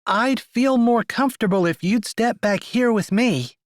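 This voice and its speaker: A man voicing an anxious, teasing young woman academic in an audiobook, pitching his voice up and speaking emphatically. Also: unhurried, no room sound, clean studio sound. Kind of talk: audiobook character voice.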